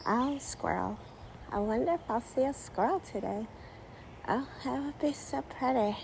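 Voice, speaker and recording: A woman's voice: fairly high pitch, moderate pace, vocal fry, a little mellow, a little hiss or hum. A woman vlogging casually outdoors in a backyard, filling her talk with "like" and "literally" and playfully chirping bird sounds. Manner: peppers speech with "like" and "literally". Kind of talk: casual vlog chat.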